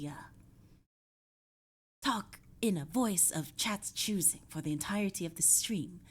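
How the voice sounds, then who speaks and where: A woman streamer chatting casually and excitably on a live stream, swearing and thinking aloud. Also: fairly low pitch.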